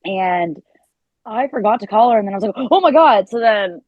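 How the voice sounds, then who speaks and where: A woman guest chatting casually on a podcast, telling a story with lively quoted asides and frequent laughs. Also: medium pitch, brisk, no echo, lo-fi sound. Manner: animated storytelling, quotes herself, laughs often. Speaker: guest, country musician and teacher.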